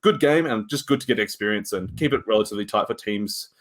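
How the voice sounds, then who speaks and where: A man's voice: on the low side, quick pace. A man, co-hosting a podcast and recapping his games in casual, rambling chat with shrugging asides. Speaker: podcast co-host.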